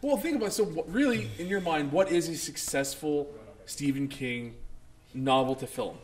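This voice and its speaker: A man's voice: on the high side, moderate pace, a little mellow. A man co-hosting a casual podcast chat, rambling with lots of fillers. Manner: rambling, filler-heavy talk. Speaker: podcast co-host.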